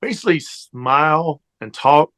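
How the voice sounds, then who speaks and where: A man's voice: on the high side, expressive, a little slow, a bit bright. A man from Tennessee with a strong Southern accent, telling stories as a guest in a casual interview, rambling with fillers and restarts. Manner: rambling storyteller, many fillers and restarts, laughs easily. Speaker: actor guest.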